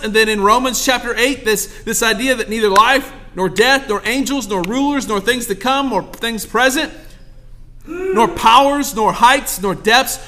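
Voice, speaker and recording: A man's voice: very high voice, pushed and bright. A young pastor preaching a sermon to his congregation, calling out asides and asking for amens. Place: church sanctuary.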